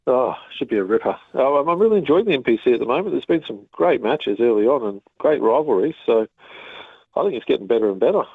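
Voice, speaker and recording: A man calls in to a sports radio show, chatting in a friendly, rambling way. His voice is husky and middle-pitched. It comes through a narrow, tinny telephone line. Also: animated, fast talker, no room sound. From Australia. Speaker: caller.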